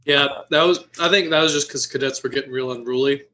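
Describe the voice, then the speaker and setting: A man's voice: medium pitch, fast talker, bright, forceful tone, a little hiss or hum. A young man joining a casual chat, joking and handing out mock advice. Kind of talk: casual chat among friends.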